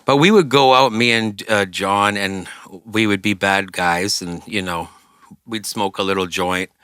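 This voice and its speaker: A man's voice: fairly low pitch, measured pace, bright, forceful tone, smooth, no room sound, clean studio sound. A man being interviewed as a rock singer, rambling through casual stories and swearing often. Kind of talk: casual storytelling.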